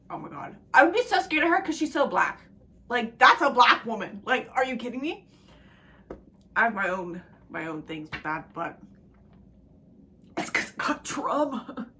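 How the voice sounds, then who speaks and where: A young woman rambling casually to camera about her reading goals, excitable and profane, trailing off into half-whispered asides. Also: medium pitch. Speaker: book vlogger.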